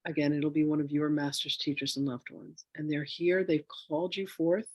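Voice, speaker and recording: A man leading a spiritual reading in a relaxed, chatty way with a bit of self-joking. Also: fairly high pitch, normal speed, no room sound, dull audio. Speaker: spiritual teacher doing a reading. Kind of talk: casual spiritual session.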